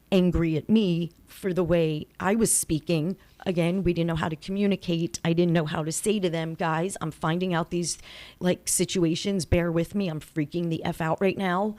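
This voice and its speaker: A woman's voice: on the low side, warm tone. Candid, chatty woman podcast host in her forties. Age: 40s. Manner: candid, chatty, emphatic, laughs easily. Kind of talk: motivational monologue.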